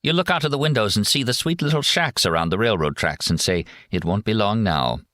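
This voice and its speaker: A man's voice: lowish voice, expressive, a little fast, a bit bright, no echo, clean studio sound, voice pushed up. A man voicing a sardonic young male soldier who mockingly describes a hero's homecoming. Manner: sarcastic, mock-cheerful storytelling.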